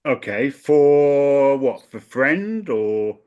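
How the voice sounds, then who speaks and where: Southern english guy hosting, keeps asking quick follow-up questions. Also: mid-range voice, sing-song, a little mellow, clear, resonant tone, lo-fi sound. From southern England. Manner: curious, asks short follow-up questions. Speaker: language coach host. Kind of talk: casual interview.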